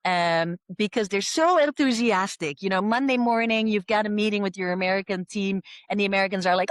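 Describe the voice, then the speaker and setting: A woman, a communication coach speaking lively as a podcast guest. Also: medium pitch, brisk, few pauses, clean tone, no echo, clean studio sound. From Netherlands. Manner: lively, acts out quoted voices. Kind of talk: podcast interview.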